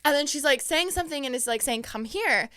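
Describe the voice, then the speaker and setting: A young woman hosting a podcast, telling a story in a casual, excitable way and acting out her own reactions. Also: high voice, brisk, no room sound, studio quality. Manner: excitable, animated quoting of herself. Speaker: podcast host.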